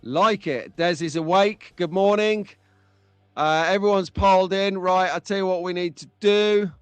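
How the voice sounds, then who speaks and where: A man's voice: sits high, measured pace, clean tone, dry recording. A man hosting a casual live stream, chatting and bantering with viewers in the chat. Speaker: livestream host.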